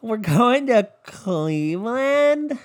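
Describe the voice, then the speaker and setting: A man mimicking whiny, dramatic young women on a reality dating show, drawn out and shrill. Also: very animated, extremely slow, heavily acted.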